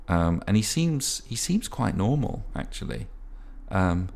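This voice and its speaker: A man acting as game master, narrating a tabletop horror game. His voice is very low, and he rambles, restarting and correcting himself as he sets scenes. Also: big pitch swings, unhurried, vocal fry, darkish tone.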